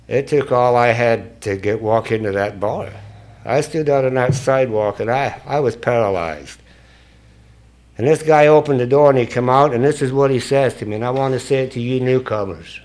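An older man holding the floor at a meeting, talking straight and salty with plenty of swearing. He is self-mocking and plain-spoken, at a middle pitch, dropping low and quiet, then climbing loud and laughing. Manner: blunt, profane, self-mocking. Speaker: speaker sharing at a recovery meeting. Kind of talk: storytelling speech to an audience.

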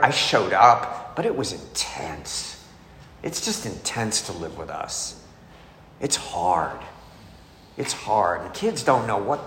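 A middle-aged man tells his personal story in a candid, confessional tone. His voice sits at an ordinary pitch and rings through a large echoing hall with a long tail. Faint room noise sits underneath. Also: fairly bright tone. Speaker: recovery speaker. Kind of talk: personal testimony talk.

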